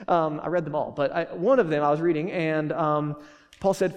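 A man preaches in a loose, joking way, circling back with fillers and quick restarts. His voice sits a little high for a man. The sound rings with the long echo of a church hall. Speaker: pastor. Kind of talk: sermon.

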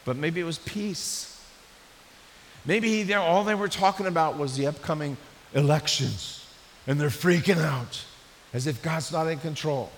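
A man preaching a sermon in a church, in a conversational, animated way with frequent restarts. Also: on the high side, unhurried. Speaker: pastor. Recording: echoey hall with faint hiss.

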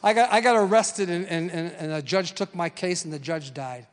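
A man's voice: sits high, moderate pace, big-room sound. A man in his sixties preaching a sermon, telling stories and drawing call-and-response from the crowd. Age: 60s. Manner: storytelling, punchy call-and-response.

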